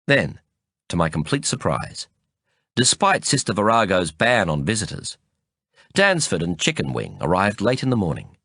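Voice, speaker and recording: A man narrating a first-person novel as an audiobook reader, in a measured, expressive storytelling manner. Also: fairly low pitch, dry recording, studio quality.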